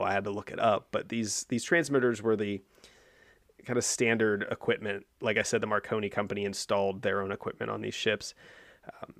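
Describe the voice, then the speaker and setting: Guy with a lowish voice walking through history on a podcast, lots of ums and restarts, dry close mic. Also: fairly bright tone, no room sound. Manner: explanatory, thinks aloud with fillers and restarts. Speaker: podcast co-host. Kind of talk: casual history podcast explanation.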